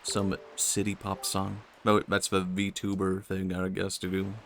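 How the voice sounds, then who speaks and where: A young man with a Swedish accent and vocal fry, chatting softly and musing aloud while streaming a game. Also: low voice, completely flat delivery, unhurried, slight background noise. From Sweden. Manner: soft-spoken, musing, talks to chat. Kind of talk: casual game-stream chat.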